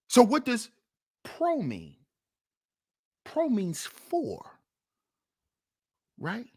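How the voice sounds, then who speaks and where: A man hosts a livestream in a preachy, fired-up way, firing rhetorical questions at his listeners. His voice leaps around in pitch while the pace stays slow and deliberate. He shifts between loud challenges and low sarcastic asides. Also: wildly swooping pitch, breathy edge. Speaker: livestream host.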